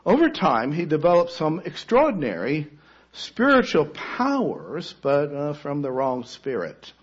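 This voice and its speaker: A man preaching a sermon, telling a story dramatically, rising to loud cries and then falling to a near-hush. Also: a little high, wildly swooping pitch, a little slow, slightly rough, dull audio.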